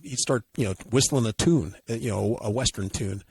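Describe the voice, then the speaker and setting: A man's voice: medium pitch, moderate pace, darkish tone, slightly rough, no room sound. A man co-hosting a podcast, telling a long story in casual chat with many fillers and restarts. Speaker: podcast co-host.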